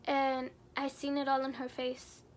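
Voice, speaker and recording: A woman's voice: sits high, monotone, measured pace, a little hiss or hum. A young adult woman vlogger telling a personal story in an earnest, somber way, full of casual fillers. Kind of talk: storytime narration.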